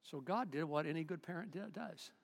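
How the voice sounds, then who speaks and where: Male pastor, dynamic sermon delivery with sharp swings in volume and congregation call-outs, slightly high voice, reverberant church hall. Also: brisk, creaky. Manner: dynamic preaching that swings between loud and hushed; calls on the congregation to respond.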